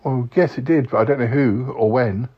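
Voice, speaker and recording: A man's voice: mid-range voice, moderate pace, breathy edge. A man hosting a comic podcast skit, fretful and easily worried. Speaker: podcast host. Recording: dull lo-fi recording.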